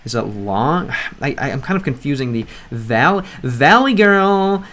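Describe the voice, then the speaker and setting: This streamer works on a language live, chatting loosely, reading the chat and thinking through things out loud, often beginning sentences again. He talks at a normal speed in an expressive, medium-pitched voice that's a bit bright.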